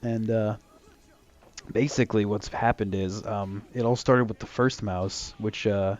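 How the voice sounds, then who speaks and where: A man's voice: on the low side, fairly even intonation, measured pace, a little mellow, muffled recording. A young man casually telling a long story, full of fillers and restarts, acting out the quoted lines. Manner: rambling, lots of fillers and restarts; acts out quoted lines in a raised voice.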